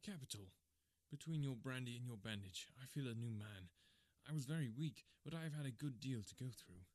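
A man's voice: medium pitch, lively intonation, a little fast, darkish tone, dry recording, lightly acted. A man voicing a shaken but composed young male engineer in a storybook reading, speaking eagerly and a little breathlessly. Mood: earnest.

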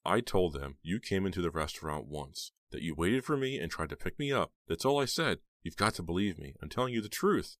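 A man's voice: low-pitched, sing-song, fairly quick, few pauses, a bit bright, no echo, pitched above the performer's own voice. A man voicing a frightened teenage girl, Heather. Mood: pleading. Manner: tense, raised voice.

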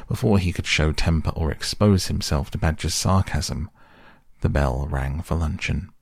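A man softly reading a classic children's book aloud as a bedtime story, calm and unhurried. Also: deep voice, creaky, slightly rough, no room sound, clean studio sound. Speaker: podcast host and reader. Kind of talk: soft bedtime audiobook reading.

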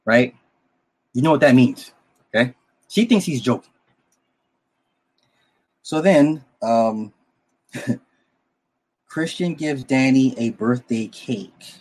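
A man with a husky, slightly rough voice talks through a story recap in a casual, rambling way. He is blunt and drops the odd curse, often restarting his sentences and turning to the listener with quick asides. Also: mid-range voice. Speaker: film plot recapper.

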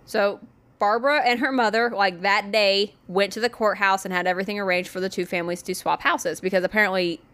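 A woman's voice: medium pitch, steady tone, a little fast, a bit bright. A woman co-hosting a chatty podcast, retelling a haunting with casual swearing. She rambles into asides, then comes back to the story. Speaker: podcast host telling a true haunting story.

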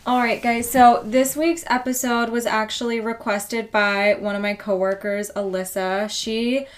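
A woman's voice: fairly high pitch, fairly even intonation, a little slow. A woman co-hosting a podcast in casual chat, talking frankly and casually swearing now and then. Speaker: podcast co-host.

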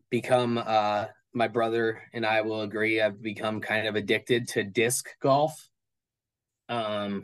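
A man in a relaxed interview, rambling as he talks. He stops and restarts his sentences and fills the gaps with ums and likes, in a voice of middling pitch. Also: rough recording. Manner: rambling, full of fillers and restarts. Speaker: guest card collector. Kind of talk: casual interview chat.

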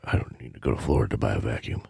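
A man voicing a dusty, drunk older man at a bar, who speaks in short, gruff lines. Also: a bass voice, rapid-fire, a little mellow, no echo, studio quality, pitched below the performer's own voice, heavily acted.

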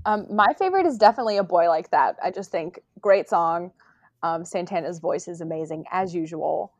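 A woman's voice: on the low side, lively intonation, brisk, a little mellow, no room sound. Dry-voiced woman, laughing podcast co-host. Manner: laughs often, emphatic. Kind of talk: casual chat.

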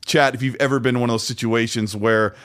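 A young man co-hosting a casual gaming chat show, telling funny stories in an animated way and laughing often. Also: medium pitch, fast talker. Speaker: podcast co-host.

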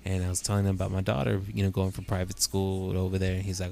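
Man, low voice, middle-aged, easygoing podcast co-host, laughs easily. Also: fast, creaky, few pauses. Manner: relaxed, frequent affirmations, easy laughter. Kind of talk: casual chat.

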